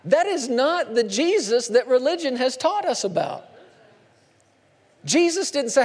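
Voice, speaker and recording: High-voiced man preaching emphatically. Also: sing-song, a little slow, pauses often, husky, long reverb tail. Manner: emphatic, dramatic swings between hushed and shouted. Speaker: pastor. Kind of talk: sermon.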